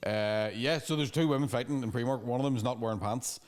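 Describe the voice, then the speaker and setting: A man's voice: mid-range voice, fast. A man co-hosting a comedy podcast, chatting casually, swearing and joking. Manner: sweary, joking, does mocking voices. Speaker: podcast co-host.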